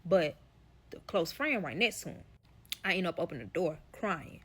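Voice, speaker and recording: A woman's voice: on the low side, moderate pace, slightly rough. Profane woman telling a wild story. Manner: profane, animated storytelling addressing the audience. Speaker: storyteller guest. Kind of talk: casual story time.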